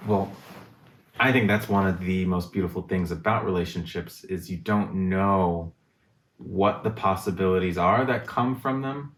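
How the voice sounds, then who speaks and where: A man's voice: sits low, normal speed, fairly bright tone. A man talking in a reflective casual conversation, thinking aloud and searching for his words. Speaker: guest in a conversation on relationships. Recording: roomy echo.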